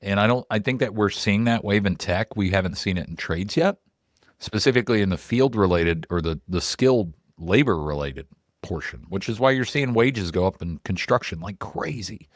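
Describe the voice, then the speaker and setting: Chatty low-voiced male podcast host. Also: normal speed, no echo, clean studio sound. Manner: loose, animated and profane, heavy on "like" fillers. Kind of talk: casual podcast chat.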